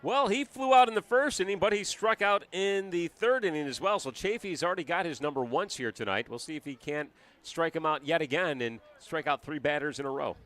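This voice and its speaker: A man giving baseball color commentary on radio, measured and full of stats. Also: on the high side, fairly bright tone. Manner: measured, stat-heavy analysis.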